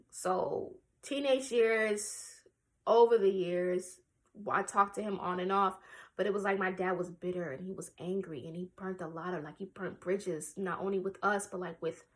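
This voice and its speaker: Young woman in her twenties, vlogger, confessional storytelling to camera, blunt and emotional with casual swearing, mid-range voice. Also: medium pitch. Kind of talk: candid personal storytelling.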